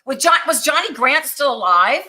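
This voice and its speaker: A woman hosting an interview, effusive and full of praise, firing off questions with quick restarts. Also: sits high, expressive, background noise. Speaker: talk show host. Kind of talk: casual interview.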